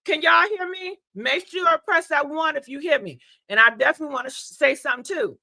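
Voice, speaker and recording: A woman chatting casually on a livestream, animated and laughing often, her voice congested and hoarse from being sick. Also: high voice, fairly quick, very noisy. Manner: chatty, animated, laughs often, addresses viewers as y'all and honey. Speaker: livestream host.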